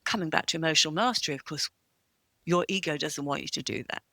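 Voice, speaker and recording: A woman with a low, gravelly voice talks in a soft, reflective way and keeps asking gentle questions. The sound is dry and close. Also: fast, no room sound. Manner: gentle, uses rhetorical questions. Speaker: podcast guest, author. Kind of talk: reflective conversational coaching.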